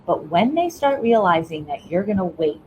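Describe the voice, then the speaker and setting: A middle-aged woman with a fairly low voice talks as a podcast guest. She walks through her method step by step, draws on her years as a school principal, and keeps asking "right?" as she goes. A faint hum of noise sits under her voice. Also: sing-song, normal speed, warm tone, poor audio. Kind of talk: casual interview talk.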